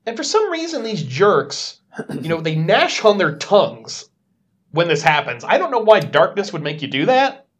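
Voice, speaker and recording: A man with a fairly high voice that swoops and bounces a lot as he talks. He co-hosts a podcast in a loose, joking style, full of dry, sarcastic asides. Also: very animated, normal speed, breathy edge. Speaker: podcast co-host. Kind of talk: casual comedic chat about scripture.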